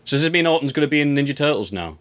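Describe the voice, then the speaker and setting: A man co-hosting a wrestling review, chatting casually in an animated, ranting way and swearing freely. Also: fairly high pitch, very fast, clean tone. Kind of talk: casual chat.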